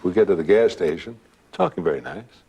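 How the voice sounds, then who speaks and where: A man's voice: low-pitched, fairly quick, creaky, a little hiss or hum. An older man telling a personal story in a casual way, acting out the voices as he goes. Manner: animated, acts out the voices in his story. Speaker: celebrity guest.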